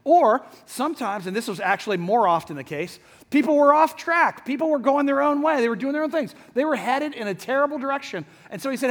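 A middle-aged man preaching a sermon to a hall audience, chatty and lively, often asking the crowd questions. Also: very high-pitched, a little fast, few pauses. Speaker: pastor. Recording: long hall reverb.

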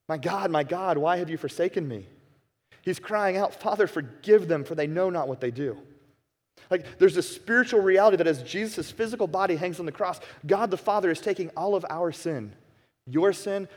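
A man preaching a sermon as a pastor, passionate, dropping to a hush and then rising to emphatic peaks. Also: a little high. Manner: impassioned, swings from hushed to emphatic. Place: church sanctuary. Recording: long reverb of a church hall.

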